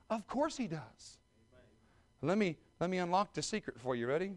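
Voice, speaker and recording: A man, preaching a sermon with folksy humor that builds to loud, fervent exhortation. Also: high-pitched, sing-song, normal speed. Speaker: pastor.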